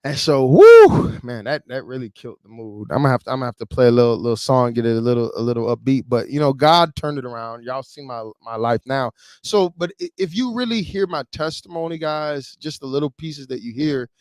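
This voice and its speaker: A man in his thirties from Chicago tells a personal story on a livestream. He speaks in a casual, emotional way, full of "like" and "you know." His voice sits at a middle pitch, and it sounds dry and close to the mic. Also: very animated, a little fast, hardly any pauses, a little mellow, no room sound. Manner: emotional, conversational, many fillers. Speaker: livestream host.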